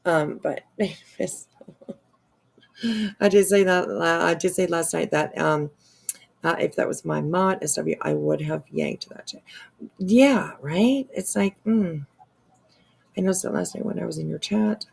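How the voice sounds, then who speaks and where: A woman streamer giving chatty, sarcastic commentary on online drama, with drawn-out exclamations and casual swearing. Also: fairly low pitch, vocal fry, a little mellow, slightly rough. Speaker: live streamer.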